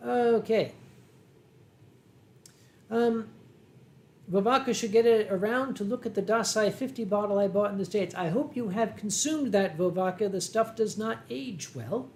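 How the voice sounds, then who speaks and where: A man with a Philadelphia accent hosting a casual livestream from home, reading viewer comments in a dry, wry way and often clearing his throat. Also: high-pitched, animated, unhurried, long pauses, darkish tone, a little hiss or hum. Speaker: livestream host. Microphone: desk microphone.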